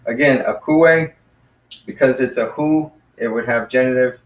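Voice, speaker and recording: A man leads a relaxed, casual language lesson and explains each point patiently, one step at a time. His voice sits at a middle pitch. The room around him is noticeably echoey. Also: normal speed, muffled recording, slight background noise. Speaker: Greek teacher.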